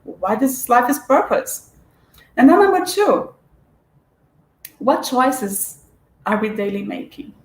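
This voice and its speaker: A woman's voice: on the high side, very animated, slow, long pauses. A woman giving a spiritual lecture in an earnest, searching way, with frequent restarts and fillers. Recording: echoey room.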